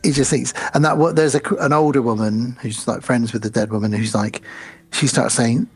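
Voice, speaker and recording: A man's voice: mid-range voice, fairly even intonation, a little fast, breathy edge. A man co-hosting a horror film podcast, recapping the plot step by step and quoting the characters. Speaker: podcast co-host. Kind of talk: casual film review chat.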